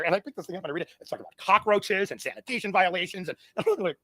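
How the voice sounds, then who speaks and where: A man's voice: sits high, animated, racing, few pauses, sharp tone, husky, dry recording. A middle-aged man telling a long story in a casual, rambling way, with restarts and laughs at his own tale. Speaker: guest.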